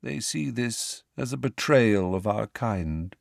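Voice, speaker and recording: Firenze, a man voicing a calm centaur. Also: on the low side, creaky, no echo, clean studio sound, heavily acted. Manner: calm, slow and measured. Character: calm wise male centaur teacher, aloof. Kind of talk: audiobook character voice.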